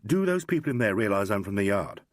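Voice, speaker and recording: A narrator puts on a suave English detective chief inspector, a man who teases lightly with a gentleman's ease. His lines rise and fall with lively pitch in a dry, close sound. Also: quick pace, no echo. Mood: wry.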